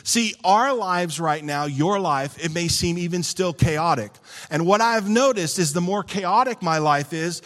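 A man pastor preaching a sermon with call-and-response, animated and acting out little scenes for the congregation. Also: sits high, normal speed. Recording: church hall reverb. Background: long hall reverb.

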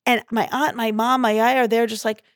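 A young woman, a guest comedian, telling stories in a chatty, animated way with many fillers. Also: a little high, fairly quick, clear, resonant tone, no room sound, clean studio sound. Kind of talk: casual interview storytelling.

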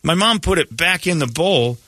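A man hosting a comic morning radio show, telling stories in an animated way and acting out voices. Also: fairly high pitch, moderate pace, dry recording. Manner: animated storytelling with laughs and acted-out voices. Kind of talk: comedic morning radio talk.

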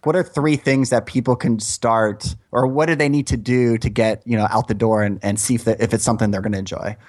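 A man's voice: mid-range voice, steady tone, brisk, a little mellow. A man hosting a podcast, talking in an upbeat, joking way as he interviews his guest. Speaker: podcast host.

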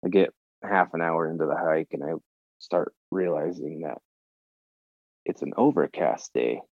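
A man with a very deep, low voice tells his story in loose, animated conversation, cursing freely and acting out what he said in the moment. The sound is dry and close, and the audio is a bit dull and muffled. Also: unhurried, gravelly, husky, dry recording. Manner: animated, swears freely, acts out his own reactions. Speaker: podcast guest.

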